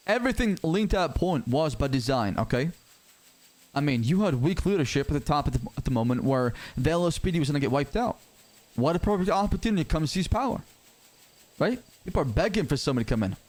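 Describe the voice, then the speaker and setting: A man playing a character in an online roleplay game, arguing his point in a rapid, insistent way and repeating words when pushed. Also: on the high side, a little mellow. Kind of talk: heated in-character argument.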